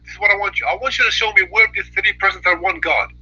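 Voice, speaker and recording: A man's voice: high-pitched, very fast, a crowd in the background, rough recording. A man in a heated debate, insistently repeating his demands.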